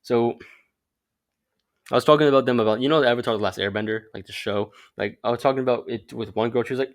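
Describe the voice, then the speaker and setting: A man's voice: medium pitch, brisk. A young man giving casual advice in a rambling monologue, swearing often and correcting himself mid-sentence. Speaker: vlogger giving dating advice.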